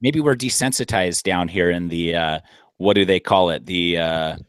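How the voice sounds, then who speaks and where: A man's voice: sits low, normal speed, clean tone, no echo, clean studio sound. A man co-hosting a casual podcast, making wry joking asides. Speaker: podcast co-host. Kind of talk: casual banter.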